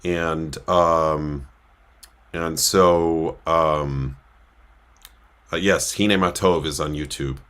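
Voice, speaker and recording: A man's voice: a bass voice, steady tone, very slow, pauses often, fairly bright tone, clear, resonant tone. A man who works as a cantor, telling a casual story in a rambling way with many filler sounds, speaking from a synagogue.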